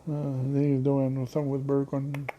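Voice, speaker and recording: A man's voice: mid-range voice, monotone, normal speed, dark tone, highs cut off, slight background noise. A man hosting his own podcast in casual solo talk, rambling and often losing his train of thought. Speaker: podcast host.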